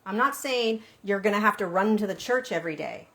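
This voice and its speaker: A woman's voice: medium pitch, lively intonation, a little fast, hardly any pauses, fairly bright tone. A woman speaking earnestly and conversationally, telling a personal spiritual testimony and addressing a listener directly.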